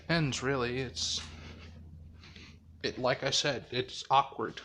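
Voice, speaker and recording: A man's voice: mid-range voice, steady tone, slow pace, bright, forceful tone, a little hiss or hum. A man casually telling a fan story, rambling and swearing, with frequent laughter. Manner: rambling, profane, laughs often.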